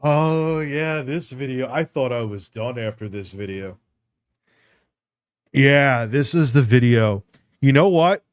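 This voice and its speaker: A man's voice: medium pitch, expressive, slow pace, no room sound. Rambling, profane male streamer, dry sound. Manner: rambling, profane, self-mocking. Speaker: streamer reacting to a video. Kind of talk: casual live-stream commentary.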